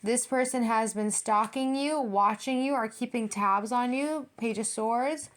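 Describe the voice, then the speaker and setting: A woman reading tarot cards in a loose, chatty way, her voice sitting a little high. She is blunt and swears freely, pressing her points hard as she talks straight to the viewer. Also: measured pace. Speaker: tarot reader.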